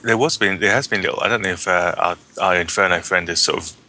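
A man's voice: deep voice, quick pace, bright, forceful tone. A man hosting a casual gaming podcast, rambling and correcting himself with a wry tone. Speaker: podcast host.

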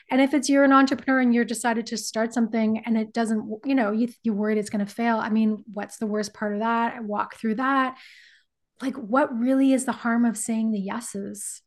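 Host: a woman with a bright, higher voice, coaching-style, encouraging and chatty. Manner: encouraging, talks through options step by step. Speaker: podcast host and career coach. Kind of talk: casual conversational advice.

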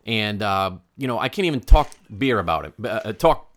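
Lively-voiced man telling a rambling story. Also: fairly low pitch, moderate pace. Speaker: podcast co-host. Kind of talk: casual chat.

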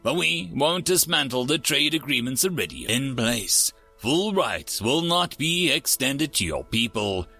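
A man voicing an impassive octopus-like alien judge who delivers a formal verdict in a monotone. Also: mid-range voice, measured pace, gravelly, few pauses, faint music behind, exaggerated voice. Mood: stern.

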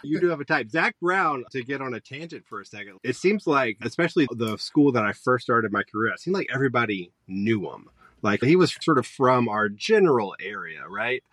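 Animated opinionated man, dry close sound. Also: medium pitch, brisk, dry recording. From Georgia, US. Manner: animated, opinionated, wanders onto tangents. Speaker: podcast guest, high school teacher. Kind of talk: casual conversation.

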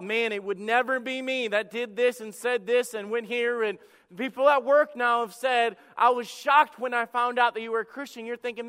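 In a church sanctuary, a pastor preaches with a high, bright, clean-edged voice at normal speed. He moves between hushed, intimate passages and loud, fervent bursts, and the hall's long reverb trails after every phrase.

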